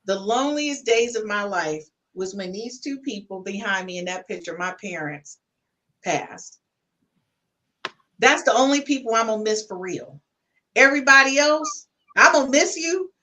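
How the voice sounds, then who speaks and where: A woman with hosts a podcast panel, emphatic and folksy as she lectures her audience. Her voice is bright and fairly high. She sits a little back from the mic, so she sounds distant. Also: expressive, moderate pace, a little hiss or hum. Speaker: podcast host. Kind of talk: casual panel talk.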